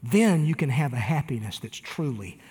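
A man's voice: medium pitch, expressive, moderate pace, a little mellow, big-room sound. A man preaching a sermon, talking earnestly and appealing directly to his listeners. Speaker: pastor.

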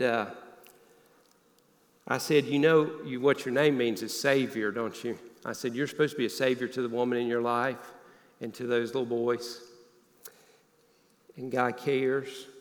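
A man preaching a sermon, telling a personal story in an earnest voice that often drops low and quiet. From Northeast Alabama. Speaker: pastor. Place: church sanctuary. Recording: long hall reverb.

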